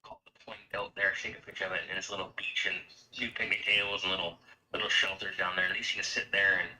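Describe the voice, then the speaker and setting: A man's voice: sits low, level tone, fast talker, bright, forceful tone, rough recording. A man from Canada chatting casually, rambling and swearing as he rants about everyday costs. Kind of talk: casual chat.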